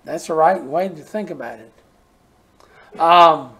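An older man preaching a sermon, telling homespun stories and repeating words for emphasis, sometimes dropping to a soft near-whisper. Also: fairly high pitch, slow. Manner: folksy storytelling, repeats words when stressing a point.

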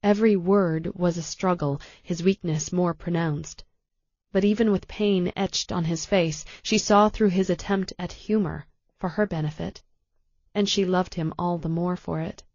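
Woman narrating a novel, low and dry. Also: no room sound, dull audio. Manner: calm, measured storytelling. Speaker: audiobook narrator. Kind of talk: scripted narration.

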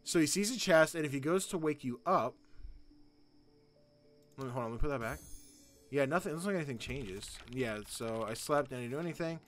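A man hosting a gaming channel, thinking out loud in goofy, excitable let's play commentary. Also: medium pitch, brisk, long pauses, soft background music.

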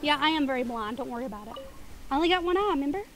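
A woman's voice: high voice, lively intonation, rapid-fire, music in the background. A woman with a Southern accent from around Tennessee, chatting casually on a gaming stream, giggling often and sometimes stuttering over her words. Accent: Southern US, Tennessee area. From southeastern United States. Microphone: desk microphone.

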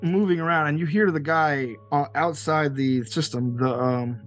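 A man's voice: a little high, moderate pace, soft background music. A man narrating a tabletop game as game master, loose and rambling, laughing often.

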